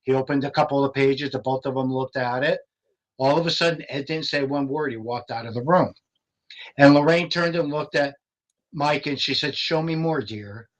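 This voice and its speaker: An older man telling stories on a podcast in a lively way, laughing often and acting out what others said. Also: medium pitch, normal speed, low-quality recording. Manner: animated, laughs often, acts out quotes. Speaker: paranormal investigator guest. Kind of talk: casual storytelling.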